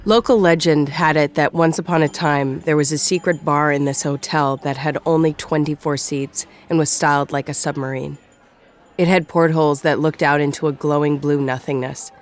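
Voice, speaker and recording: Measured audiobook narrator over faint music. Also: mid-range voice, fairly even intonation. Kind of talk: scripted narration.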